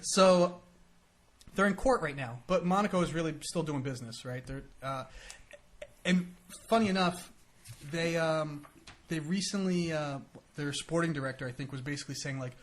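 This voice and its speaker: A man's voice: on the high side, moderate pace. An American man co-hosting a casual podcast chat, rambling and acting out quotes in silly voices. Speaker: podcast co-host.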